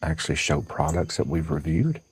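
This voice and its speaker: A man's voice: extremely low pitch, expressive, normal speed, slightly rough, rough recording. A man with a Southern US accent hosting a casual livestream from a porch at dawn, chatting and greeting viewers by name. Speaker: livestream host.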